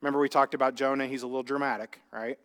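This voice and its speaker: A man's voice: medium pitch, flat delivery, racing, fairly bright tone. A male pastor preaching a sermon in a conversational way, asking the congregation rhetorical questions. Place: church sanctuary. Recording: long hall reverb.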